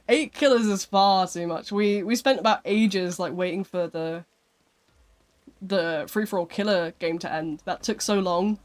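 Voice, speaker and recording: Speaking at a measured pace in a medium pitch, a live streamer rambles a bit while chatting with the audience. Frequent "like" and "um" fillers plug the pauses.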